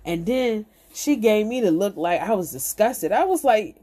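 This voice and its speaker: Profane, animated woman telling a story. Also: mid-range voice, normal speed, few pauses. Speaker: podcast host. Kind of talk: casual comedic storytelling.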